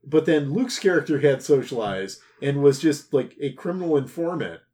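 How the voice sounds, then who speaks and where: A man's voice: a little high, big pitch swings, moderate pace, dark tone. A man on a podcast, chatting casually and wryly recounting a game session in detail. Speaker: podcast co-host. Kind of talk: casual chat.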